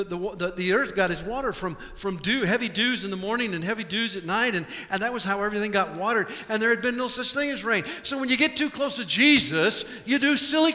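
A male pastor delivers a sermon with a high, bright, ringing voice. He repeats words as he goes and checks in with the congregation. The live recording carries a long hall reverb from the church. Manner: animated preaching with repeated words and audience questions. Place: church sanctuary.

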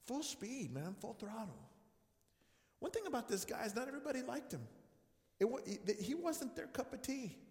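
A high-voiced man preaches with lively, swooping pitch, telling stories and acting out dialogue. He swings from loud bursts to near-whispers. The sound carries a long, echoing reverb from a church hall. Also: moderate pace. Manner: animated, acts out dialogue, swings loud and soft. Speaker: pastor. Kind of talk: storytelling sermon. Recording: echoey room with long reverb.

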